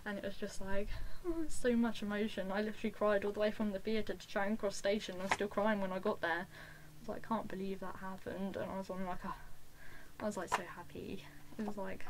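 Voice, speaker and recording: Girl vlogging, gushy excitable storytelling, says like a lot, faint hiss behind. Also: medium pitch, brisk. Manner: gushing and excitable, full of "like". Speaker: fan vlogger. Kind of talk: casual storytelling to camera.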